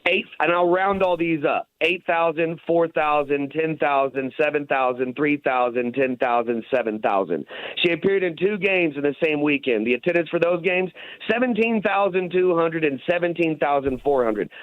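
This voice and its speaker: A slightly higher-voiced man comes through a thin, tinny phone line with no room sound at all. He is a regular call-in guest on a talk show, bantering bluntly and dropping "dude" into nearly every point. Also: normal speed, no echo. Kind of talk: casual radio banter.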